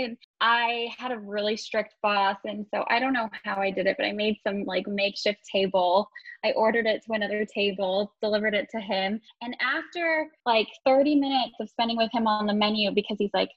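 Lively young woman telling a story. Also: mid-range voice, brisk, dry recording, muffled recording. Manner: animated, laughs often, acts out quotes. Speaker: interview guest. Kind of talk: casual storytelling.

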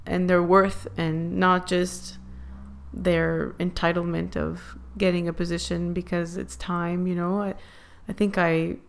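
A woman with a lowish, gravelly voice talks as a podcast guest in casual chat. She thinks as she goes and pauses on fillers. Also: flat delivery, slight background noise.

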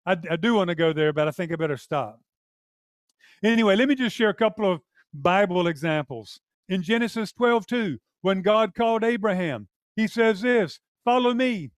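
A man's voice: high-pitched, dry recording. An older man preaching a sermon, telling a personal testimony and acting out the dialogue in his story. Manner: animated storyteller, acts out dialogue. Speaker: pastor.

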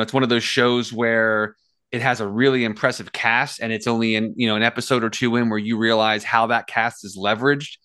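A man's voice: on the low side, sharp tone, smooth, no echo, studio quality. A man co-hosting a podcast, chatting casually and rambling with lots of hedging fillers. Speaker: podcast co-host. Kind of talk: casual chat.

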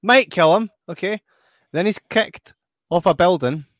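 A man's voice: sits high, measured pace, no echo. A man in a casual movie chat, recounting scenes and calling others mate. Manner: storytelling, says "mate".

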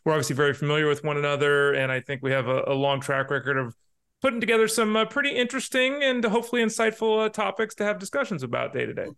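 A man who hosts fantasy sports shows, speaking fast in a fairly high, bright voice. He chats in a friendly, easy way and leans on casual fillers as he talks. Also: expressive, vocal fry, clear, resonant tone. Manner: chatty, friendly, fillers like "I mean" and "like". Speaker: fantasy sports radio and podcast host. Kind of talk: casual podcast chat.

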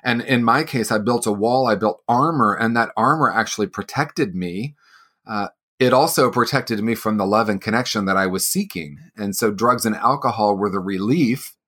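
Older guy, earnest and reflective, lowish voice, little laughs here and there. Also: moderate pace, bright, forceful tone. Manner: earnest, personal, with light laughs. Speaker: guest. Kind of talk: reflective interview answers.

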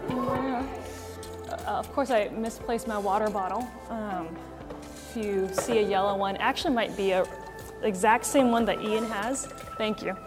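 A woman's voice: mid-range voice, a little slow, long reverb tail, over music. A woman giving a casual conversational sermon as a church's executive director, chatty and wry, with frequent ums and likes. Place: church meeting hall with live audience.

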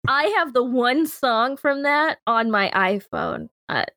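A woman's voice: on the high side, animated, slow, pushed and bright, no echo, clean studio sound. Chatty, enthusiastic female player.

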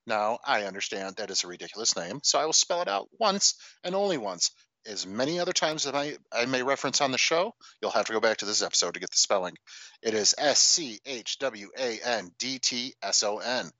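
A man's voice: medium pitch, expressive, a little fast, sharp tone, no echo, highs cut off. A man co-hosting a podcast in casual chat, playful and wry. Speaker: podcast co-host.

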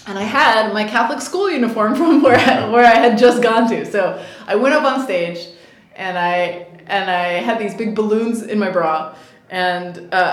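A woman in her thirties, an actress being interviewed, telling stories in a chatty way with lots of laughs and fillers. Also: mid-range voice. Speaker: actress guest. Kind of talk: casual interview storytelling. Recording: echoey room.

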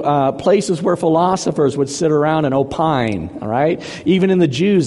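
A male pastor preaching a sermon, animated, often checking in with his congregation by asking "okay?". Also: on the high side, long reverb tail. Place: church sanctuary.

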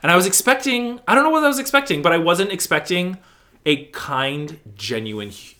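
A man talking casually in an interview about his work in theater company management, animated and gushing, acting out what people said. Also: high-pitched, normal speed. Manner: animated, gushing storyteller who acts out quotes.

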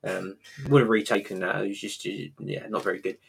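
Low-voiced man recapping casually. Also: flat delivery, creaky, breathy edge. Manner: rambling, halting, lots of fillers. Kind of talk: casual retelling of a TV episode.

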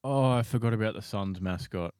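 A man's voice: fairly low pitch, fairly quick, a little mellow, clean tone, dry recording, studio quality. A man, co-hosting a casual podcast, rambling and laughing often. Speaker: podcast co-host. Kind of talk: casual banter.

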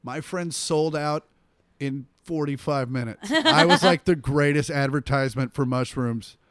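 Comedian guy telling a story, does all the voices, kinda high voice, dry close sound. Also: unhurried, dry recording. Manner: animated storyteller acting out quotes. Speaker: comedian and podcast co-host. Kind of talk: casual storytelling chat.

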